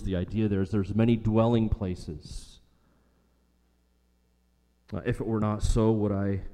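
A man preaching a sermon earnestly, repeating phrases for emphasis and slowing down on key lines. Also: lowish voice, warm tone. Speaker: pastor. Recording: long hall reverb.

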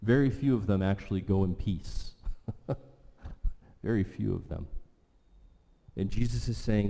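A man's voice: fairly low pitch, a little slow, vocal fry, long pauses, dark tone. A man preaching a sermon, emphatic, repeating key lines for weight. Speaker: pastor. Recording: long reverb of a large hall.

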